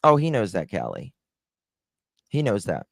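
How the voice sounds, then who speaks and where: A man's voice: fairly low pitch, huge pitch swings, a little slow, vocal fry, no room sound. A man hosting a live true-crime stream, talking bluntly and sarcastically, swearing and chatting with viewers by name. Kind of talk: casual live-stream commentary.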